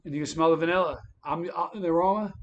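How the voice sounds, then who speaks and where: A man hosting a livestream, telling a story in a lively, casual way. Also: fairly high pitch, quick pace, dull audio. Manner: animated, tells stories with quoted voices. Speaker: livestream host.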